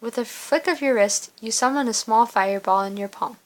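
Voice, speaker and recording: A woman reading a game story's narration aloud, casual and unpolished, with the odd slip. Her voice sits a little high. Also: brisk, low-quality recording. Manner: plain, casual reading with slips. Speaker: player reading an interactive story.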